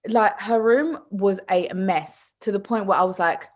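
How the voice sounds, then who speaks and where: A lively woman, telling stories as a guest on a podcast. She talks in a relaxed, chatty way and breaks into laughter often. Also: medium pitch, normal speed, few pauses. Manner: animated storyteller, laughs often. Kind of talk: casual chat.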